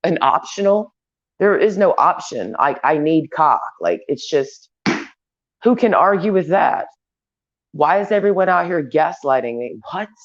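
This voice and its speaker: Woman vlogger, low-pitched, blunt and foul-mouthed, rambling rant, dull lo-fi sound. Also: sing-song, a little slow. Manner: crude, profane, blunt. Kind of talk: rambling stream-of-consciousness rant. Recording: dull lo-fi recording.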